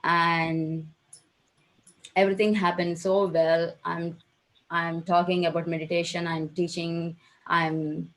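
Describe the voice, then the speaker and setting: A woman on a video call sharing her experience with a program, halting and emotional, with many fillers and restarts. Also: on the low side. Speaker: program participant.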